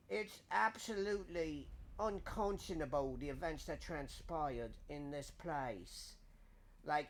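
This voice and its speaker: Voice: medium pitch, close to an everyday voice. A streamer doing a put-on British accent, rambling in mock outrage with heavy slang over live gameplay. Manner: over-the-top slang, drawn-out indignant rambling. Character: exaggerated slangy Brit, adult, dramatic and mock-outraged.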